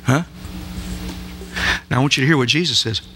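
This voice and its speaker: Male preacher, sermon delivery, emphatic questioner, sharp bright tone. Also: mid-range voice, a little fast, faint music behind. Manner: emphatic, asks the listeners many rhetorical questions. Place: church sanctuary.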